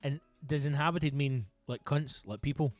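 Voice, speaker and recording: A man's voice: on the high side, moderate pace, soft background music. A Scottish man hosting a podcast alone, rambling through casual comedic chat with lots of swearing and jokes. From Scotland. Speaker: podcast host.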